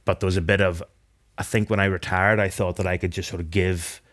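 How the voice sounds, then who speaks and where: A man from Northern Ireland with a low, deep voice and a Northern Irish accent. He answers podcast questions in a thoughtful, unhurried way, often restarting his sentences. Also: level tone, a bit bright. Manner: thoughtful, with frequent restarts and fillers. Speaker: guest, retired rugby captain.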